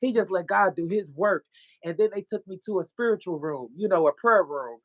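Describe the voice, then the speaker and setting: A woman, a podcast guest and author, telling an animated, profane story of her faith. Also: on the low side, fairly quick, no room sound, muffled recording. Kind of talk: casual testimony.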